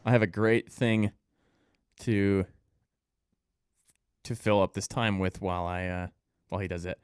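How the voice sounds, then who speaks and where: A man's voice: deep voice, fairly even intonation, unhurried, a little mellow, clean tone, no echo, clean studio sound. Profane, ranting podcast co-host man. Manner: ranting, profane, laughs often. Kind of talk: casual chat.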